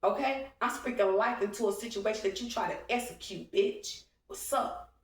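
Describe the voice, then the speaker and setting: A woman's voice: mid-range voice, a little fast. A woman in her forties with a drawl, ranting bluntly and profanely. Her voice rings around a roomy space and sits a little back from the mic, so it sounds slightly distant. She keeps an emphatic, confrontational edge throughout. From Texas. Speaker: vlogger. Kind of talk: heated monologue to camera. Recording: roomy echo, speaking from away from the mic.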